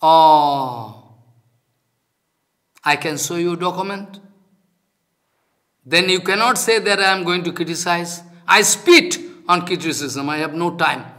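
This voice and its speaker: Emphatic high-voiced older spiritual teacher. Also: male voice, slow pace, pauses often, bright, forceful tone. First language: Bengali. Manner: emphatic, repetitive, non-native phrasing. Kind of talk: devotional lecture.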